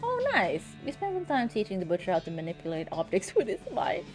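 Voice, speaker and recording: A woman's voice: fairly low pitch, very animated, fast, over music. A woman streamer chatting casually and reading game text aloud, chatty and self-mocking.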